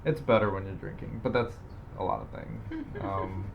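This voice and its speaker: A man's voice: sits low, normal speed, creaky, muffled recording, a little hiss or hum. A young man co-hosting a podcast in casual chat, rambling with lots of fillers and self-deprecating asides. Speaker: podcast co-host.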